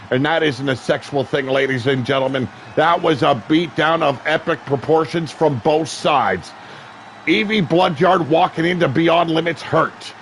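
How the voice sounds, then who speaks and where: A man calling a wrestling match play-by-play, excitable and profane, often shouting. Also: fairly high pitch, a little hiss or hum. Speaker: wrestling commentator. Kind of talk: play-by-play commentary.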